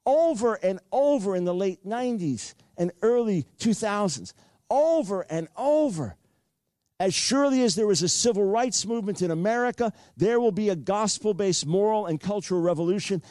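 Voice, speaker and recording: An older man delivers a sermon in a fairly high voice, recounting his own story with earnest repetition. The sound is close and dry, with no room around it. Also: darkish tone, no echo. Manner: earnest storytelling with frequent repeats. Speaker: preacher.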